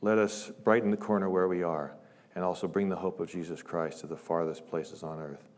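A man preaching a sermon in a large church, speaking with passion, his voice rising loud on scripture quotes and falling to hushed asides. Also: sits low, steady tone, a little fast. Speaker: guest preacher. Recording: long church reverb.

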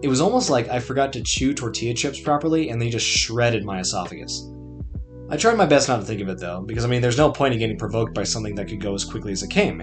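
A young man narrating his own podcast memoir in a wry, conversational way, with dry asides. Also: lowish voice. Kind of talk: scripted personal narration.

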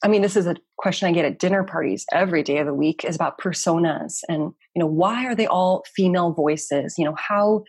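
Fast-talking husky woman guest. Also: on the low side, dry recording, studio quality. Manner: quick, animated, chatty with frequent "like" and "you know". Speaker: guest researcher and community founder. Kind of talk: casual interview talk.

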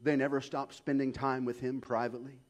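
A man preaching a sermon, swinging from hushed asides to shouted peaks. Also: mid-range voice, level tone, a little fast. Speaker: pastor.

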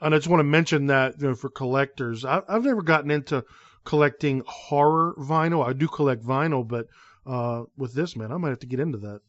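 A man's voice: medium pitch, brisk, dry recording, highs cut off. Easygoing man on a casual podcast. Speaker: podcast co-host.

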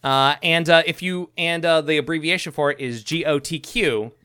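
A man co-hosting a podcast in casual chat, rambling and halting, often laughing. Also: on the high side, pushed and bright, smooth, no echo, studio quality. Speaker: podcast co-host.

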